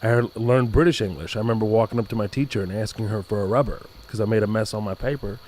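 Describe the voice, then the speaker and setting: A man's voice: fairly low pitch, quick pace. A man who grew up in Kuwait, telling comic stories as a podcast guest, laughing and acting out the people in them. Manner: animated, laughs through stories, acts out voices. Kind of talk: comic storytelling in casual chat.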